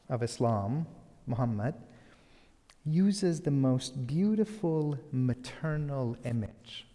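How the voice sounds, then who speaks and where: Man, public lecture, slow, warm dark tone, soft delivery trailing to whispers. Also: medium pitch, big-room sound.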